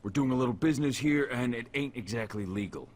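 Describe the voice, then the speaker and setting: An actor playing a suspicious orc smuggler man in a video game, blunt and gruff. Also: mid-range voice, quick pace, darkish tone, lightly acted. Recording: game audio with music.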